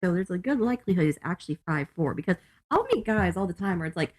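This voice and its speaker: Sex: woman. Origin: from Florida. Role: podcast co-host. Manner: chatty, swears, fills with "like". Pitch range: lively. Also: fast. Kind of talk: casual comedic chat.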